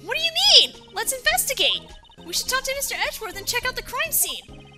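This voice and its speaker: A hyper, chirpy teenage spirit medium, voiced by a woman reading game lines. The voice sits high and leaps around in lively swoops. Video game music plays underneath. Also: a little fast. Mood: eager. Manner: excitable and chirpy. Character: bubbly hyper teen girl spirit medium. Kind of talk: voicing game dialogue.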